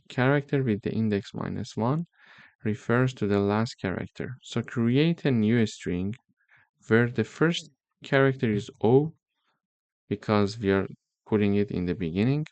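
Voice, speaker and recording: A man teaching a programming lesson, explaining slowly step by step and checking in with "okay?" as he goes. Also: medium pitch, no echo. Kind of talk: screen-recorded coding tutorial.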